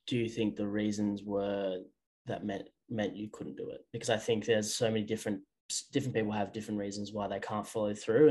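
Husky, flat-voiced male podcast host. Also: fairly low pitch, poor audio. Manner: careful, gentle, restarts his words. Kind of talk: interview question.

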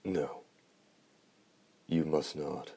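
A man's voice: very deep voice, steady tone, very slow, vocal fry, warm tone, breathy edge, exaggerated voice. A man reading the part of an arrogant vampire duke with a contemptuous, commanding manner. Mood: scornful.

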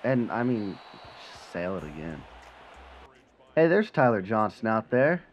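A man giving live commentary on his own football video game, muttering one moment and shouting and swearing the next. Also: a little slow, slight background noise. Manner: swings from low mutter to excited yelling, swears when frustrated. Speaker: gaming channel host.

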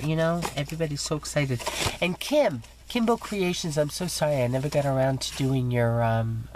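A woman with a low voice that swings widely in pitch chats through her crafting mail, gushing over each piece and poking fun at herself. She sounds a little under the weather, and a faint hum of the room sits behind her. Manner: chatty, self-teasing, gushing. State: recovering from illness, coughing. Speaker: scrapbooking vlogger. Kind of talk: casual chat showing mail.

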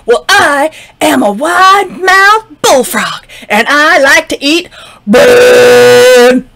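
A woman voicing a boastful little male bullfrog in a storybook reading, shouting his lines loudly. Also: high-pitched, lively intonation, very slow, gravelly, voice pushed up, full character voice. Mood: brash. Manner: loud, brash shouting.

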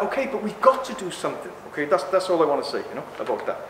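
Middle-aged man, speaker at a live talk, excitable, ranting, slightly high voice, echoey hall, faint background ambience. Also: very fast, background noise. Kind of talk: impassioned public talk to a live audience. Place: indoor talk venue.

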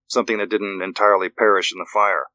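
A man's voice: fairly low pitch, little pitch movement, quick pace, pushed and bright, no room sound, poor audio. A man voicing a male FBI agent who muses intently over a case in an audiobook drama. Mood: musing. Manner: musing, intent.

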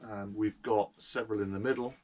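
A man, his voice sitting somewhat low, walks through the features of a motorhome in an easygoing, matter-of-fact way. He pauses on fillers as he goes, recorded inside the van. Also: steady tone, a little mellow. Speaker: motorhome owner giving a tour. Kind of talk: casual video walkthrough.

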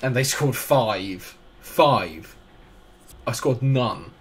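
A man's voice: medium pitch, expressive, very slow, husky. A man commentating over his own football video game, exasperated, sarcastic and self-mocking about how badly it goes. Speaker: gaming YouTuber. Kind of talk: live gameplay commentary. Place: at home, late at night.

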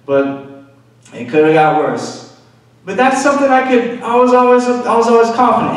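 A man's voice: very high voice, animated, moderate pace. Candid preacher man in an echoey hall. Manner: candid, confessional, frequent "you know" asides. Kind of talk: conversational sermon testimony. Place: church sanctuary. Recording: echoey hall, voice far from mic.

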